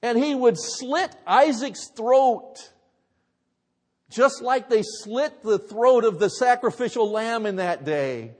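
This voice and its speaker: A man's voice: extremely high pitch, animated, slow pace, darkish tone. A man pastor preaching a sermon, telling the story dramatically with emphatic rhetorical questions. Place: church sanctuary. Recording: reverberant church hall.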